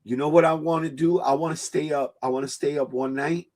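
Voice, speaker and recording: A man's voice: a little high, fairly even intonation, brisk, darkish tone. A man, hosting a casual livestream, loose and joking and swearing freely. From New York. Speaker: livestream host.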